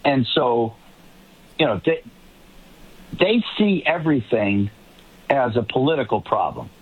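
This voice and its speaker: Husky man on a tinny remote line. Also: mid-range voice, sing-song, measured pace. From Boston area. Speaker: panel guest. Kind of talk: political panel commentary.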